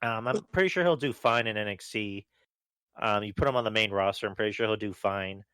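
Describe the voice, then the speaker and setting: A man's voice: fairly low pitch, a little fast, a bit bright, clear, resonant tone, no echo. A man guest on a podcast, chatting offhandedly and hedging his opinions, with casual swearing. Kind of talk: casual wrestling podcast chat.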